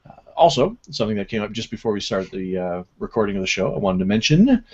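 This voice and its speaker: A man hosts a casual online racing-sim radio show, chatting in a rambling, self-deprecating way. His pitch swings widely and animatedly. The audio is dull and lo-fi. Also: sing-song, quick pace, darkish tone, husky. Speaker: host.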